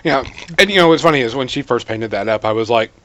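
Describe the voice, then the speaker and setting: Chatty man, mid-pitched voice. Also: expressive, fast talker, fairly bright tone. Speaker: podcast co-host. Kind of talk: casual chat.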